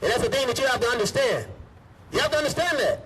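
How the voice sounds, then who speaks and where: A man's voice: very high voice, sing-song, quick pace, a bit bright. A male minister giving an emphatic rally speech and repeating his points. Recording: distant mic with faint background noise.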